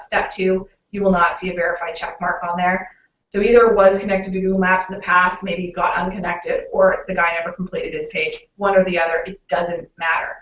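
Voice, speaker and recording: A Canadian woman talks through a webinar in a relaxed, explaining way, leaning on "um" and "you know". She sounds a little off the mic, in a roomy space. The audio is muffled and lo-fi. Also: fairly low pitch, distant mic. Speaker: local SEO consultant presenting a webinar. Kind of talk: webinar presentation.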